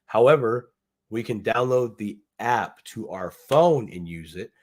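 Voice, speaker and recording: With a lowish, slightly mellow voice, a man talks a little slowly but animatedly. He's co-hosting a casual livestream, joking and rambling while he browses a website and thinks aloud.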